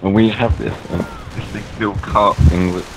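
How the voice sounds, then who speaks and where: Rambling low-voiced man. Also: steady tone, normal speed, background noise. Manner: rambling and hesitant, full of ums and restarts. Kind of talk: comedic in-character rambling monologue. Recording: voice over loud video game gunfire. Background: game battle sounds with gunfire.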